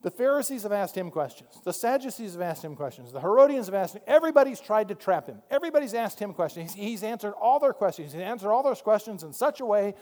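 A man delivers a sermon in a church sanctuary with a lively, conversational energy. His voice sits high for a man, and a long reverb trails after him through the hall. He swings between hushed asides and loud, emphatic points. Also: fast talker, few pauses. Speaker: pastor.

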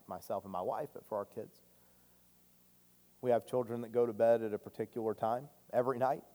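A man in his thirties preaching a sermon, earnest and confessional, his voice swinging from loud declarations to hushed admissions. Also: medium pitch. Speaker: pastor. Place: church sanctuary. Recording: long hall reverb.

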